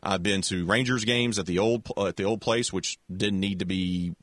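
Lively, low-voiced man telling a story. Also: normal speed, no echo. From American South. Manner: animated storyteller with many restarts, acts out voices. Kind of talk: casual storytelling chat.

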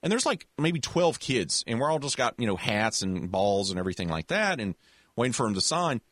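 A man telling a long childhood story in a relaxed, casual chat, full of restarts and little voices for other people. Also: medium pitch, a little fast, no echo, clean studio sound. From American South. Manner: animated storyteller with many restarts, acts out voices.

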